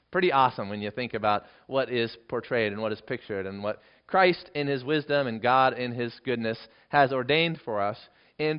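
A man preaching an expository sermon, working through a passage verse by verse and acting out the quoted lines with lively emphasis. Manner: animated, acts out quoted lines with rising pitch. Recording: dull lo-fi recording.

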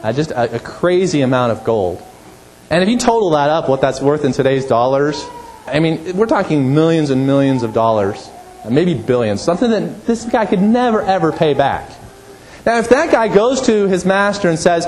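Brief: pastor, man, fairly high voice, emphatic preaching with sharp drops. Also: very animated, moderate pace, rough recording. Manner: emphatic, rising to forceful peaks, then dropping low. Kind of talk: sermon.

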